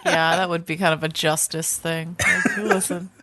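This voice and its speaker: A woman's voice: low voice, little pitch movement, moderate pace, a bit bright. A woman co-hosting a podcast, giving blunt reactions with plenty of laughs. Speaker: podcast co-host. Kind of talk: casual chat.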